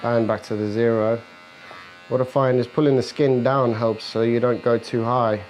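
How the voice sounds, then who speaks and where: A man's voice: medium pitch, fairly even intonation, normal speed, a little mellow, a little hiss or hum, low-quality recording. A man, a barber, explaining each step of a fade haircut while he cuts and jokes with his client in a barbershop. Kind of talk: hair-cutting tutorial narration with client chat. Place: barbershop, indoors. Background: faint buzz of electric clippers.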